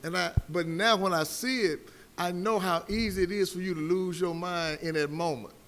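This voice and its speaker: A man's voice: high voice, fairly even intonation, normal speed, a bit bright, big-room sound. A man on a live debate panel, telling a personal story with fervor and calling his listeners brother like a preacher.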